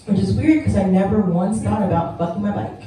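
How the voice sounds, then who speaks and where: A woman's voice: mid-range voice, fairly quick, a crowd in the background. A young woman doing a stand-up set in a club, chatty and self-mocking, often laughing at her own jokes. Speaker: stand-up comedian. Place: comedy club stage. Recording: echoey room, mic heard from far off.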